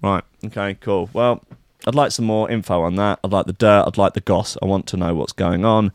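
Male podcast host, lowish voice, dry close sound, profane, rambling, casual news chat. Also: steady tone, moderate pace, no room sound. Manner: irreverent, profane, rambling asides.

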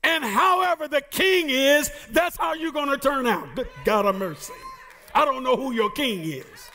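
A man preaching a sermon as pastor, shouting and half singing his lines with playful asides to the congregation. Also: very high voice, expressive, normal speed, faint music behind, a faint crowd.

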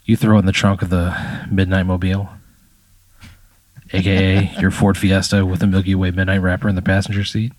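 Very deep-voiced man running a game. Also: little pitch movement, a little fast, no echo. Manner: casual, profane storytelling. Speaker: game master. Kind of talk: narrating a tabletop game.

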